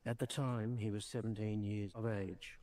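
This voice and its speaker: A man reading a documentary narration in a measured, formal way. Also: fairly low pitch, flat delivery, dark tone.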